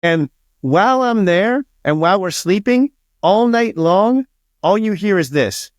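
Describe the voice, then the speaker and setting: A man's voice: sits high, lively intonation, measured pace, no room sound, studio quality. A man being interviewed as an author, telling stories casually, swearing freely and acting out what others said. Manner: swears freely and acts out quoted dialogue.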